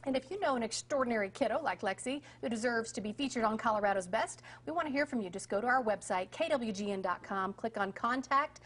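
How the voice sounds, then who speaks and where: Woman morning TV host, enthusiastic and bright-pitched, faint ambience. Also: fast, hardly any pauses, a little hiss or hum. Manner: enthusiastic, gushing praise. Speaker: TV show host. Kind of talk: upbeat morning TV interview.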